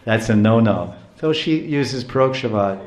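A man giving a devotional storytelling lecture, animated, chuckling often and explaining terms as he goes. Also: medium pitch, a little slow, echoey room. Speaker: preacher.

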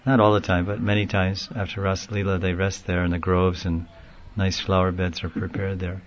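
A man telling a long story in a casual, rambling way, often laughing and getting animated when he quotes people. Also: low voice, normal speed, highs cut off, a little hiss or hum. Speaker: speaker recounting a story in a class. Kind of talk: informal storytelling talk.

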